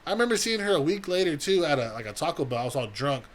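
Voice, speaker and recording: A man's voice: fairly high pitch, quick pace, a little hiss or hum. A young man on a podcast telling a long, profane story and acting out everyone's lines. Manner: profane, animated storytelling with acted-out quotes. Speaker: podcast co-host. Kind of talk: casual storytelling.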